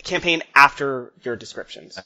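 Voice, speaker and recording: A man hosting a tabletop game podcast as game master, talking in a relaxed, rambling way and laughing often. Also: mid-range voice, normal speed. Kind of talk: casual podcast chat. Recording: dull lo-fi audio.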